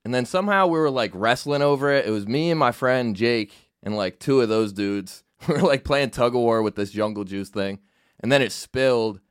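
A man's voice: mid-range voice, moderate pace, smooth, no echo. Rambling man telling a story, dry studio sound. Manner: rambling, filler-heavy storytelling. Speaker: comedian guest. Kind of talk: casual podcast storytelling.

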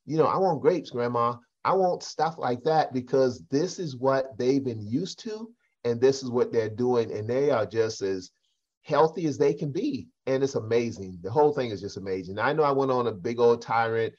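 A man's voice: mid-range voice, muffled recording. An older man with a South Carolina Geechee accent, a pastor and community advocate speaking on a discussion panel, telling folksy stories and addressing the others by name.

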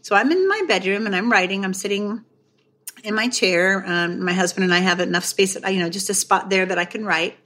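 A middle-aged woman, a guest author on a podcast, telling a story with lively energy and acting out the voices of others. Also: medium pitch, fairly quick. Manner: animated storyteller, acts out quoted voices.

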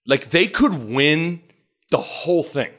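Man, podcast co-host, animated pitch, bright tense tone. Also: slow. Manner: excitable, laughs often, mimics radio calls. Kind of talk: casual sports chat.

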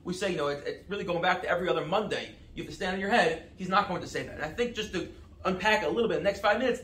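A man giving a Torah class lecture, telling stories in an animated way and acting out the quotes. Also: high-pitched, echoey room. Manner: animated storytelling, acts out quotes with quick asides. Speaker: rabbi teaching a class.

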